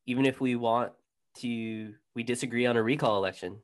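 A man's voice: mid-range voice, steady tone, a little fast. A laid-back young man co-hosting a casual chat, often saying "dude". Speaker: podcast co-host.

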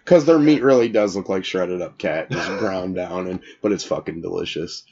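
A man's voice: deep voice, moderate pace, a little mellow, highs cut off. A man co-hosting a casual podcast, telling crude stories with lots of swearing and laughing at his own jokes. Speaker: podcast co-host.

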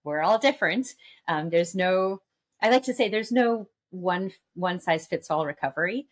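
Woman, podcast guest expert, measured explanatory talk, slightly low pitch. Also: breathy edge. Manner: measured, explanatory, frequent "you know". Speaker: guest expert on missing periods. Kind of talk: conversational podcast interview.

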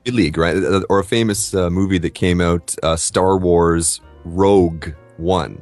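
A man co-hosting an English lesson, relaxed, saying example words aloud. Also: deep voice, moderate pace, no room sound, faint music behind. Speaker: native-speaker co-host. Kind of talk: casual podcast lesson.

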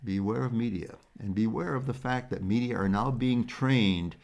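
A man's voice: medium pitch, normal speed, creaky, a little mellow. A man co-hosting a casual commentary chat, speaking in an emphatic, lecturing way.

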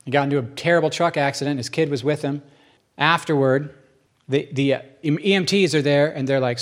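Earnest, fairly high-voiced male preacher. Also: fairly quick. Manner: earnest, animated storyteller. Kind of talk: conversational sermon. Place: church.

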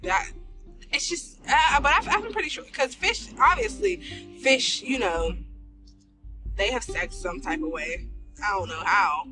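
A woman's voice: high voice, measured pace, pauses often, over music. A woman hosting her own podcast, talking frankly in slangy casual speech and laughing often. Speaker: podcast host. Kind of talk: casual solo podcast talk.

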